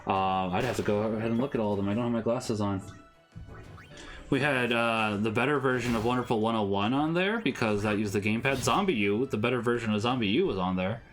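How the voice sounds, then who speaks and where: A man's voice: medium pitch, fairly quick, soft background music. A man co-hosting a casual game stream, chatting and answering viewers' comments. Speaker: streamer co-host. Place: home streaming setup.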